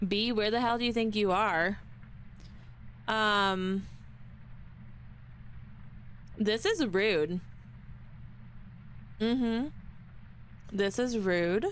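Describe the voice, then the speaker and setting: A woman's voice: on the high side, fairly bright tone, slight background noise, poor audio. A woman streamer chatting casually to her live-stream audience, flustered and panicky. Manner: flustered, panicky, talks to chat. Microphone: desk microphone.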